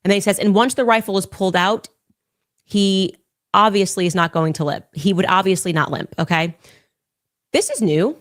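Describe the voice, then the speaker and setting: A woman's voice: mid-range voice, steady tone, fairly quick. A woman commentator reading posts aloud and answering them in a pointed, incredulous manner, played as a clip.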